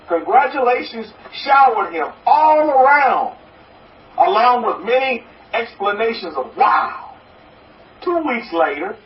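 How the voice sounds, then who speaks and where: A man preaching as a rabbi, folksy and repetitive, mixing jokes into his sermon. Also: sits high. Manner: repetitive, folksy, joke-telling, repeats a blessing refrain. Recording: distant, roomy, dull recording.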